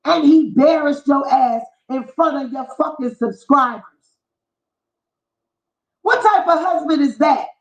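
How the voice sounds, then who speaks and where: Ranting woman vlogger, high voice, cursing and mocking, echoey lo-fi room. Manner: profane, heated, mocking rant. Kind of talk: ranting commentary vlog. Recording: echoey, dull lo-fi room sound.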